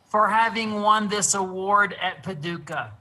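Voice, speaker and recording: A man, a guest quilt artist, telling stories in a relaxed interview from his studio over a video call. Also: sits high, a loud crowd, rough recording. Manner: earnest, unhurried storyteller. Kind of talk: casual storytelling interview.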